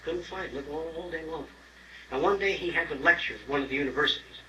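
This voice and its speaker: Older male lecturer, bright, edgy voice, picked up from across a roomy hall with faint hiss. Blunt and salty. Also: a little high, fast talker. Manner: blunt, profane, acts out other people's voices. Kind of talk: informal lecture to an audience. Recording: roomy, distant mic, faint hiss on an old tape.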